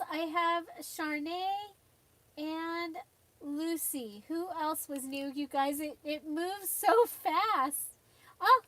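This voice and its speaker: A woman's voice: sits high, fairly bright tone. A woman hosting a casual live stream from her craft desk, chatting with viewers, greeting them by name and laughing often. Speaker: livestream host.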